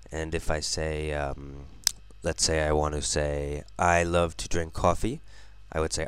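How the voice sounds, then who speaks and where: A man's voice: rumbling low, flat delivery, a little slow, smooth, no room sound. A man narrating his vlog casually, explaining things step by step. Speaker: vlogger.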